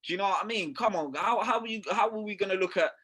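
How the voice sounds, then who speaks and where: A man's voice: sits high, fast, bright, forceful tone, slightly rough. A young man, talking football in a casual podcast chat, full of slang and swearing. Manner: slangy, swearing, keeps saying "bruv". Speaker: podcast co-host.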